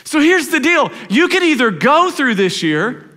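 A pastor from Tennessee, preaching a sermon with passion, swinging from shouted climaxes to low, quiet appeals. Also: male voice, sing-song, unhurried. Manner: impassioned preaching, rising to shouts and dropping low.

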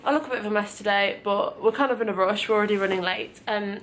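A woman vlogging on a city trip, chatty and quick, filmed on a handheld camera. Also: medium pitch. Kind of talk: casual travel vlog. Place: busy city streets and venues. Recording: loud crowd and street noise.

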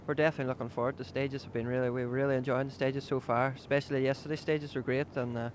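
A man's voice: medium pitch, flat delivery, fast, slight background noise. A young man, a rally driver, answering interview questions in an easygoing, hesitant way with many fillers.

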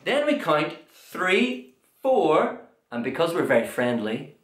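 A young man leading an energetic children's drum class, counting out loud and cheering the kids on. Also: a little high, takes it slowly. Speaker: drum workshop leader. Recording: echoey room with drum music.

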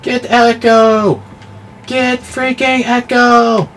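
A man giving live commentary over his own gameplay, excitable and yelling at the game, with clean substitute swears. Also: very high voice, drawn-out words, a little hiss or hum. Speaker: gamer.

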